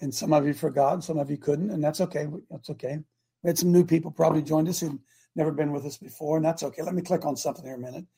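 Gravelly older man preaching folksy style. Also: on the high side, fairly even intonation, fast. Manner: folksy, emphatic, rises and drops loudness for effect. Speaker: host. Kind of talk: casual preaching talk show.

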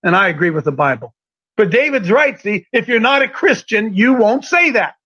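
A pastor hosting a talk show, preaching with passion and shifting from quiet reading to loud shouting. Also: male voice, high-pitched, big pitch swings, moderate pace, muffled recording.

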